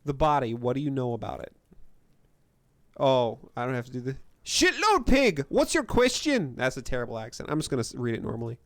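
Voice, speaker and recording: A man's voice: mid-range voice, steady tone, quick pace, dry recording. A young man streaming a game, reading its text aloud with amused asides. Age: young adult. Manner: amused, reads text out then reacts.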